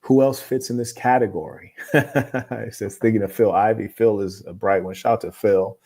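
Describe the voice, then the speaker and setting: A man hosting an advice show, reading viewer letters aloud and giving blunt, moralizing opinions in a calm, lecturing way. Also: lowish voice, moderate pace, slightly rough. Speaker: host.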